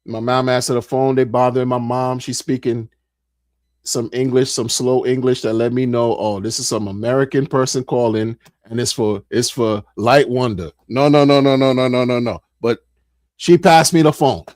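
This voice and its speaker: A middle-aged man, a streamer, telling a casual story in an animated way, repeating phrases and acting out what people said. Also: medium pitch, moderate pace, no room sound, clean studio sound.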